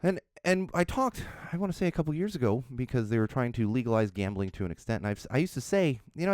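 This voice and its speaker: Talking fast with hardly any pauses, a middle-aged man at medium pitch hosts a solo podcast full of funny, self-deprecating tales told with animated chuckles. The recording is studio quality, free of room sound.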